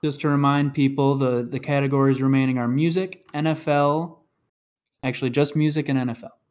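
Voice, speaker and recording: A man's voice: medium pitch, steady tone, brisk, a little mellow, clear, resonant tone. A man hosting a casual podcast trivia game, reading clues and announcing scores.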